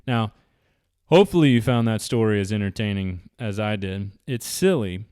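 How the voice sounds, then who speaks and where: A man's voice: lowish voice, expressive, normal speed, darkish tone, clear, resonant tone, no room sound, studio quality. A man, telling rambling travel stories to camera in a casual, chatty way. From Southeastern United States. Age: 40s. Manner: rambling, chatty, with many restarts and fillers. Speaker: vlogger. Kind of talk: casual storytelling.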